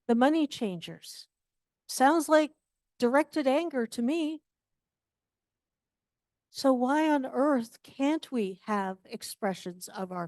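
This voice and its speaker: A woman gives a casual, personal sermon, full of candid stories and self-deprecating jokes. Her voice sits a little high. The sound is dry and close, with little room echo. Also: darkish tone. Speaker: speaker at a church service. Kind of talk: conversational sermon. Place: church sanctuary.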